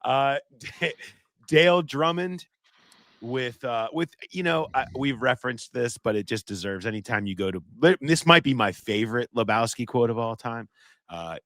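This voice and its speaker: A man with a Midwestern American accent co-hosting a casual sports podcast, animated and joking as he shouts out listeners. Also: medium pitch, normal speed, no echo, clean studio sound. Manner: animated, joking, reads listener submissions aloud. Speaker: podcast co-host.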